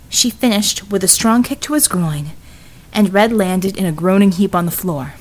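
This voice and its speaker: A woman narrating an audiobook in a measured, scripted style. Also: mid-range voice.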